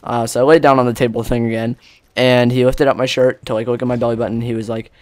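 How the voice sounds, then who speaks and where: A man's voice: mid-range voice, flat delivery, fast, darkish tone, dry recording. Teen boy, casual, rambling, filler-heavy, gameplay commentary. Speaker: gaming commentator. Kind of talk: casual storytelling over gameplay.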